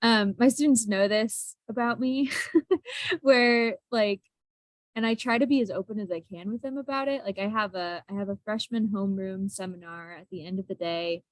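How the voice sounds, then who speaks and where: A young woman teacher speaks openly and with self-deprecating humor, often breaking into a laugh. Her voice sits at an ordinary middle pitch. The recording is close and dry, with no room echo. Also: moderate pace. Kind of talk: casual group discussion.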